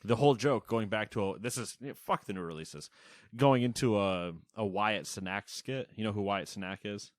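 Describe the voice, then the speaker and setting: A man's voice: on the low side, moderate pace, dry recording. A man co-hosting a casual gaming podcast, joking and laughing as he runs through a list of news. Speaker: podcast co-host. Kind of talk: casual chat.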